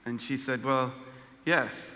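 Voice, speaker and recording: Englishman, testimony talk, humorous and halting, bright tone, long hall reverb. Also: mid-range voice, steady tone. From England. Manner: storytelling, self-deprecating humor, halting restarts. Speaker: guest speaker.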